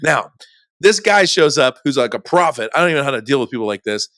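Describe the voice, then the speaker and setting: A middle-aged man, a podcast guest, telling a personal story in a casual, animated way, full of "like" and "dude". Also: mid-range voice, fast, no echo, studio quality. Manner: animated, chatty, says "dude" and "like" often.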